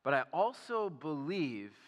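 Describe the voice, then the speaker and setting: A man's voice: on the high side, very animated, unhurried, a bit bright, big-room sound. A man in his thirties preaching a sermon, telling personal stories in a casual way full of fillers. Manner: casual, storytelling, many fillers like "like". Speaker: pastor. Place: church sanctuary.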